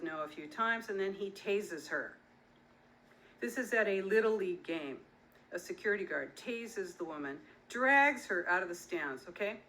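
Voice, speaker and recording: Emphatic woman with a bright voice. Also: on the low side, slight background noise, low-quality recording. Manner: earnest, emphatic, addresses listener directly. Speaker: author and activist. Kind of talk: direct-to-camera talk.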